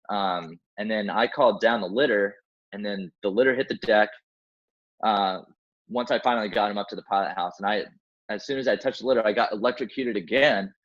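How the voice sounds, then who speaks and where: Low-voiced man telling a rescue story. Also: brisk, highs cut off. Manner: animated, acts out quoted dialogue, many fillers like "like" and "man". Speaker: guest, helicopter rescue swimmer. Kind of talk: casual storytelling in an interview.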